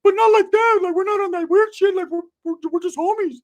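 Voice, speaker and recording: A man putting on the high, whiny voice of an excitable young man in a comedy story. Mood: excited. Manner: whiny, eager, rushed.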